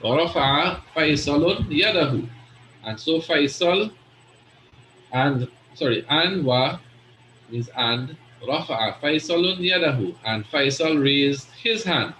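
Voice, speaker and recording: A man's voice: a little high, animated, unhurried, pushed and bright, roomy sound, slight background noise, low-quality recording. A man teaching an Arabic grammar class, patiently explaining and often checking understanding with "right?".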